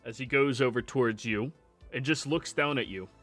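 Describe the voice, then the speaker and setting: A man running a tabletop game, narrating scenes in a relaxed, chatty way. His voice sits at an ordinary middle pitch. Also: moderate pace, soft background music. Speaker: game master.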